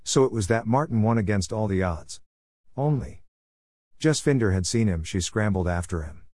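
A man's voice: lowish voice, animated, moderate pace, a little mellow, no echo, clean studio sound. A man reading a comic story aloud as narrator, playfully voicing the characters' lines.

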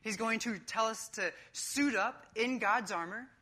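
Bright, emphatic woman preacher. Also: a little high, unhurried. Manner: emphatic, coach-like preaching with casual asides. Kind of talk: sermon.

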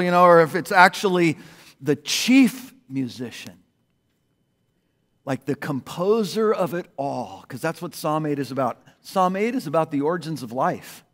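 A man preaching a sermon as pastor, animated, jumping between loud exclamations and hushed asides. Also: on the high side. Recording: long hall reverb.

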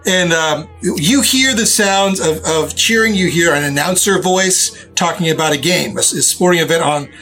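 A man's voice: fairly high pitch, moderate pace, hardly any pauses, sharp tone. A man running a tabletop game as game master, narrating in a rambling way with many restarts.

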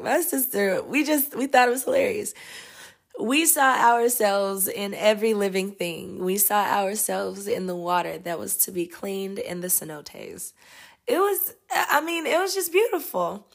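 A woman hosting a podcast as an energetic healer, telling a travel story in a chatty way and laughing often. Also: medium pitch, a little slow. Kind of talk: casual storytelling.

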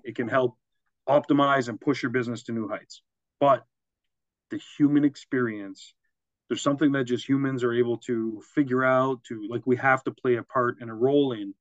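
A man's voice: mid-range voice, steady tone, moderate pace, no echo, dull audio. A man co-hosting a casual podcast, rambling through examples and laughing at his own jokes. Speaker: podcast co-host. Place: Quebec, Canada.

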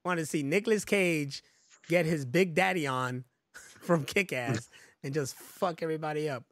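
A man co-hosting a podcast in casual chat, joking loudly and swearing freely. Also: fairly high pitch, moderate pace, no room sound, clean studio sound. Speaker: podcast co-host.

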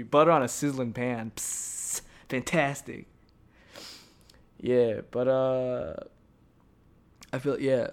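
A young man in his twenties hosting a podcast, telling a story casually with lots of swearing and filler words. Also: medium pitch. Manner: profane, rambling, heavy on filler words; mocking, animated. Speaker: podcast host.

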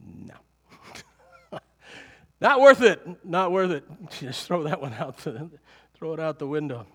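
A middle-aged man preaching a sermon to a congregation, lively and animated, often chuckling. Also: on the high side, unhurried. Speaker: pastor.

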